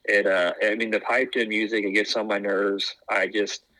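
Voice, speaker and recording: A man's voice: fairly low pitch, flat delivery, moderate pace, bright, forceful tone, no echo, rough recording. A man chatting casually as a podcast co-host, rambling with lots of fillers and restarts. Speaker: podcast co-host, former wrestling tryout. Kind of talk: casual chat.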